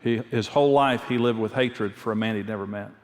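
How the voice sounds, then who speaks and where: A man's voice: fairly low pitch, brisk. A middle-aged man preaching a sermon, telling personal stories candidly and earnestly, often repeating a phrase for emphasis. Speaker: pastor and marriage teacher. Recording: long hall reverb.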